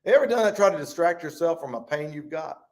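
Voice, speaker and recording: A pastor teaching a Bible study. His voice sits fairly high for a man, and he swings from near-shouted bursts to low, quiet asides as he reads verses and turns to the congregation. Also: fast. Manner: animated, rises to shouts and drops low.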